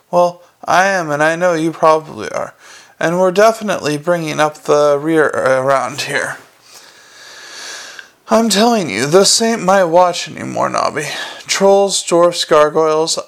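A man's voice: fairly high pitch, gravelly. A man doing a pompous old watch sergeant. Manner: rambling, self-important, folksy. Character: aging male city watch sergeant, pompous, set in his ways.

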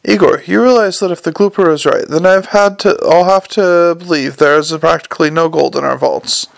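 Brief: man voices flustered young clerk, fussy and eager, gravelly edge. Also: fairly high pitch, normal speed, dry recording.

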